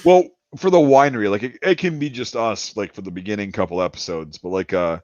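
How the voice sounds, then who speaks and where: A man's voice: fairly low pitch, fairly quick, darkish tone, no echo, muffled recording. A man hosting a casual chat, talking in a laid-back, rambling way and laughing easily. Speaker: channel host.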